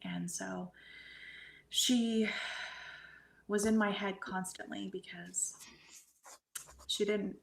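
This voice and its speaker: A middle-aged woman speaks as a guest on a podcast, telling a personal story in a soft, halting way that keeps sinking into a breathy whisper. Her voice sits in a middle range. The recording has a noticeable roomy echo around her. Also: medium pitch, fairly even intonation. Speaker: guest medium and hypnotherapist.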